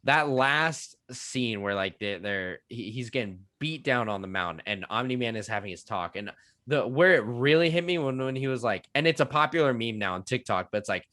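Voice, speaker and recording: A man's voice: mid-range voice, lively intonation, normal speed, pushed and bright. A young man co-hosting a casual show review, talking eagerly and rambling with lots of fillers. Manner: eager, rambling, heavy use of "like". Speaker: podcast co-host reviewing a TV show.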